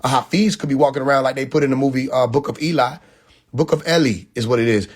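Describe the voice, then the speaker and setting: A man's voice: medium pitch, fairly even intonation, very fast. A man hosting a live stream, preaching casually and emphatically, repeating his points and asking rhetorical questions into a phone mic.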